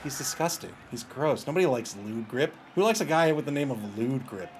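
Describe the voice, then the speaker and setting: This man commentates his own video game match in a casual way, taunting his opponent, laughing, and bantering with viewers in chat. His medium-pitched voice is sing-song and brisk. There's slight background noise.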